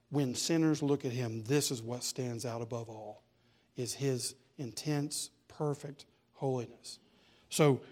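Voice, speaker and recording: A male pastor preaching a sermon in a church, emphatic and building to loud peaks. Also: mid-range voice.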